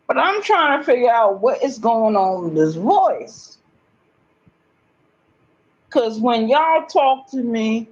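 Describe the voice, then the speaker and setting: Agitated woman ranting slowly, lo-fi sound. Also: on the high side. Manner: emphatic, swears often, repeats herself. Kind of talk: agitated rambling monologue.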